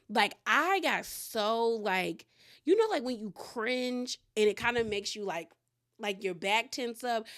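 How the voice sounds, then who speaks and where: A woman with a Southern accent, from the Southern United States, recaps a reality TV episode in a chatty way, doing voices when she acts out quotes. Her voice sits at a medium pitch and is a little bright.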